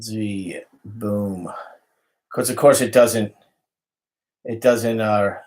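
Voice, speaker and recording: A man's voice: medium pitch, flat delivery, slow pace, a little mellow. A middle-aged man with a New York Italian-American accent, chatting casually on a livestream, rambling, swearing freely and greeting viewers by name. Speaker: comic artist hosting a livestream. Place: indoors, home studio with art supplies. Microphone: phone.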